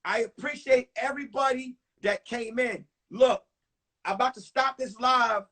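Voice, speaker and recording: A young man, telling a profane, animated comic story in a one-man live-streamed show. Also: very high voice, normal speed. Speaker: comedian.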